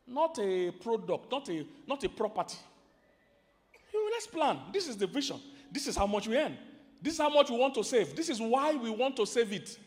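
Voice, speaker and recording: High-voiced Nigerian preacher in a hall. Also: male voice, moderate pace. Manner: animated preaching, quizzes the audience. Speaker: pastor and relationship teacher. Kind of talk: sermon. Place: large hall with a live audience. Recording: long hall reverb.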